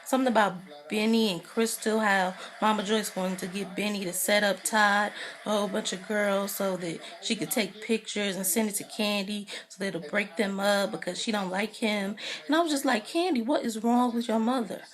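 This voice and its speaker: A woman's voice: medium pitch, steady tone, normal speed, fairly bright tone. Chatty opinionated woman recapping TV. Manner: chatty and opinionated, acting out quotes with filler "you know". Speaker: TV recap vlogger. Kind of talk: casual spoken TV episode recap.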